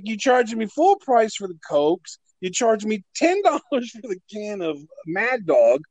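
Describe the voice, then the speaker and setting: A man's voice: high-pitched, sing-song, unhurried, hardly any pauses, dry recording, low-quality recording. A man casually telling a story, exasperated and swearing, acting out what everyone said. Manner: profane, exasperated, acts out quotes.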